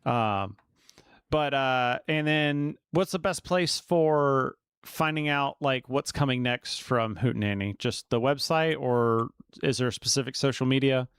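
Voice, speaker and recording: A man from North Carolina co-hosting a podcast, talking in a quick, easygoing way with lots of likes. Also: mid-range voice, a bit bright, smooth, no room sound, studio quality. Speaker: podcast co-host. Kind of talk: casual podcast chat.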